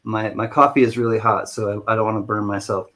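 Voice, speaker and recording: A man's voice: on the low side, little pitch movement, sharp tone. A man hosting a live online auction stream, greeting viewers one by one in a playful, joking way. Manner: playful and jokey, rattles off viewer names quickly. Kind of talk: casual livestream chat greeting viewers.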